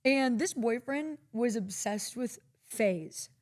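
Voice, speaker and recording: A young woman from Texas, speaking slowly with a fairly high voice, shares a story while hosting a casual stream. Her manner is lively and full of swearing, and she voices quotes loudly as she acts them out.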